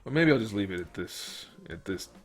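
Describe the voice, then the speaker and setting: Over soft background music, a man with a lowish, expressive, fairly quick voice and a breathy edge streams his work on a toy figure. He talks himself through it in casual chat, muttering and aiming joking asides at viewers.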